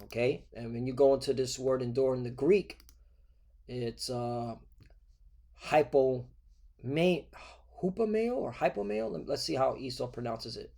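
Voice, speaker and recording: A man giving an informal sermon lesson, conversational and halting, tagging nearly every phrase with "all right" or "okay". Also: medium pitch, fairly even intonation, gravelly, warm tone. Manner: halting, repeated fillers and restarts. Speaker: preacher.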